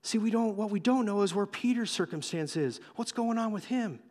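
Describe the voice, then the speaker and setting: Animated preacher man in a reverberant hall. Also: high-pitched, brisk. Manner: animated storytelling, acting out voices. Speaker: pastor. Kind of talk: sermon.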